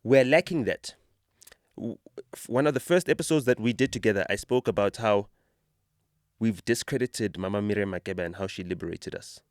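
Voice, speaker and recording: Speaking fairly quickly in a voice on the low side, a South African podcast host argues with conviction and grows more animated as his stories build. The casual conversation is recorded dry, with clean studio sound.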